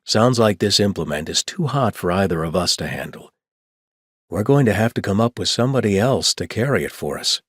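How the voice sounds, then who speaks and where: A man's voice: fairly low pitch, lively intonation, a little fast, slightly rough, no room sound, clean studio sound, voice pushed up. A man voicing a good-humored grown man who jokes with mock seriousness, in an audiobook reading. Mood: wry.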